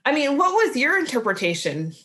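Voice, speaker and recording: A woman's voice: sits high, sing-song, fairly quick, pushed and bright. A woman co-hosting a podcast in casual chat, talking in a chatty way with lots of "like" and restarts. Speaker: podcast co-host.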